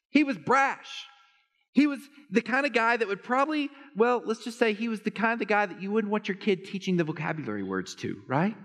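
A man preaching a sermon as a pastor, animated and climbing to high, excited emphasis. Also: in a large hall.

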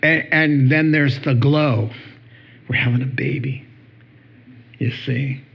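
Male pastor, husky, unhurried sermon delivery, muffled lo-fi sound. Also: medium pitch. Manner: lively, humorous, conversational preaching. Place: church hall before a congregation.

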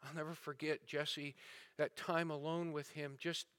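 A male pastor preaching a sermon, telling stories with swings between building intensity and a hushed, somber tone. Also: on the high side, level tone, unhurried, smooth. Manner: dramatic storyteller, rising and falling intensity. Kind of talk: sermon storytelling. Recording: sermon audio recording.

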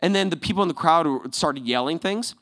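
Male pastor, sermon storytelling, bright voice, animated delivery, laughing. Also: on the high side, fairly quick. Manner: animated, laughing, acts out quotes.

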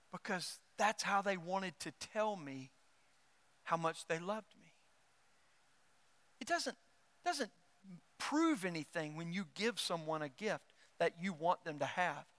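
A pastor preaching a sermon, lively and joking, acting out quoted voices. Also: male voice, high-pitched, big-room sound. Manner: animated, acts out quoted voices and jokes.

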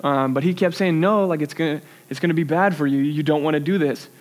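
A man's voice: a little high, fast talker. A young man preaching a sermon in a church, earnest and conversational, with self-deprecating asides.

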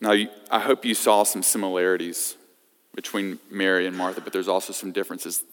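A man preaching a sermon as pastor, swinging from loud emphasis to hushed scripture reading. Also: sits low, little pitch movement, a little fast. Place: church sanctuary. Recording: long reverb of a church hall.

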